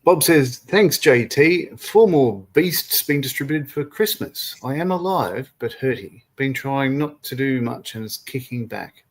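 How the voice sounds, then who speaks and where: A man co-hosting a relaxed model-building livestream, reading viewers' comments aloud and laughing often. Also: mid-range voice, a little slow, hardly any pauses. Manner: laughs often, reads chat messages aloud. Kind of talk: casual chat reading out live comments.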